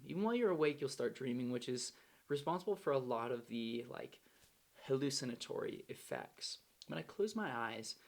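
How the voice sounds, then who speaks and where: Man, gravelly fry in the voice, candid slangy first-person storytelling. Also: medium pitch. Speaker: storyteller recounting his recovery.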